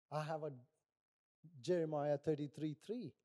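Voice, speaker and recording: High-pitched middle-aged guy pastor preaching, animated, does little voices in his stories. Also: normal speed. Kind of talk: sermon.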